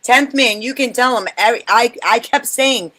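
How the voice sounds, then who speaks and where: A woman's voice: a little high, unhurried. A woman insisting defensively in casual chat. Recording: heavy crowd noise behind.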